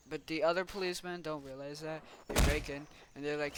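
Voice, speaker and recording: A man's voice: on the high side, steady tone, a little fast, few pauses. A man casually retelling a story, rambling and restarting his sentences as he acts out the characters. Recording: loud background noise.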